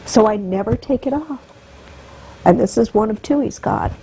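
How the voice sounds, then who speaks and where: A woman's voice: a little high, normal speed, creaky, warm tone, a little hiss or hum, poor audio. A woman guest telling an emotional personal story, her voice rising and catching with feeling. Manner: heartfelt, voice rising and breaking with emotion.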